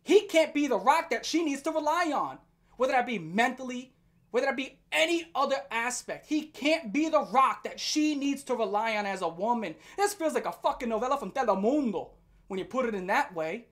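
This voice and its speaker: A woman's voice: on the high side, animated, brisk. A woman delivering an angry, profane rant commentary, heated and mocking as she tears into her subject. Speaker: online commentator.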